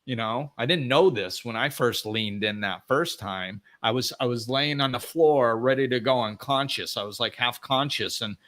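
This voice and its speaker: A man's voice: mid-range voice, moderate pace, few pauses, a bit bright. A middle-aged man hosting a live spiritual talk, blunt and emphatic, acting out the voices of people he quotes. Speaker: spiritual teacher, host.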